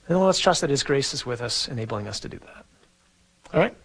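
A middle-aged man, a priest, giving an earnest, conversational sermon with a husky voice and the odd chuckle. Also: mid-range voice, expressive, fairly quick, a bit bright, low-quality recording.

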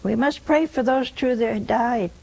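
A woman's voice: on the high side, measured pace, creaky, warm tone, a little hiss or hum, rough recording. An older woman hosting a religious call-in show, preaching earnestly and repeating phrases for emphasis. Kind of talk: preaching to callers.

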